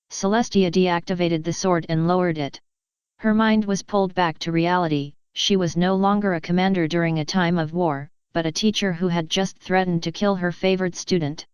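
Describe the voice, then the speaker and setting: A woman narrating a fan-fiction story as an audiobook in a steady, even storytelling manner. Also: lowish voice, moderate pace, clear, resonant tone, dry recording, muffled recording.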